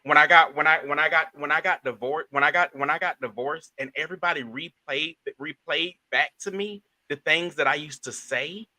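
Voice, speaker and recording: A man's voice: on the high side, normal speed, few pauses, bright, forceful tone, no room sound. A man co-hosting a podcast in casual chat, stammering and repeating himself as he tells stories. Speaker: podcast co-host.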